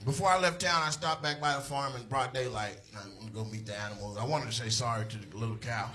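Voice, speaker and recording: A male stand-up comedian telling a story on stage to a live audience, loud and animated, laughing through his punchlines and swearing freely. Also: mid-range voice, fast, soft background music.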